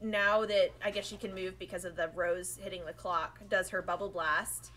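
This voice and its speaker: A woman co-hosting a podcast, chatting casually and animatedly as she recaps an episode, slipping into quick voices for the characters. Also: on the low side, steady tone, sharp tone, low-quality recording. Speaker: podcast co-host.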